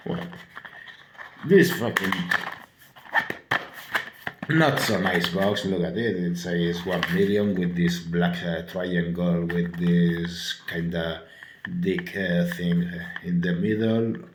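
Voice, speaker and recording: A man with a cold reviewing a fragrance in a casual, halting way, swearing often and filling pauses with "uh". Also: deep voice, a bit bright, reverberant, slight background noise. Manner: halting, full of filler words and swearing. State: sick with a cold.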